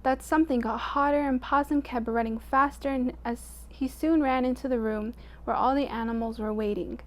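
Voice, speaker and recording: A woman storyteller reading a picture book aloud to children in an expressive way, dropping to a hush at quiet moments. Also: high-pitched, moderate pace.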